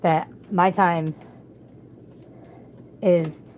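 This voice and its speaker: A woman with a low voice rambles through a profane, frustrated vent to the camera. She talks from inside a car, and steady vehicle noise runs under her voice. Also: drawn-out words, poor audio. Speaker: vlogger. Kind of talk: casual venting monologue.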